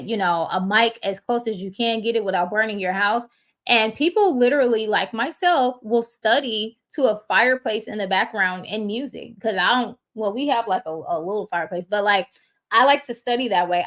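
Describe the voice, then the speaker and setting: A woman chatting casually on her livestream, slangy and full of fillers, talking straight to her viewers. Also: a little high. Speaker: YouTuber hosting a livestream.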